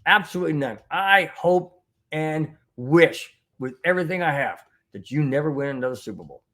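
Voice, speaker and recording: This male podcast host's voice is a little high and fairly bright, with lively intonation at a moderate pace. Reading live chat during a heated sports recap for fans, he rants with indignation and rambles, repeating phrases and starting over.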